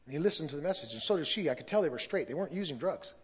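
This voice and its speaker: A pastor telling his story from the pulpit, his voice sitting a little high. He slips into the voices of the people he quotes as he goes. The recording is muffled and lo-fi. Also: expressive, rapid-fire, slightly rough. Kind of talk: testimony sermon.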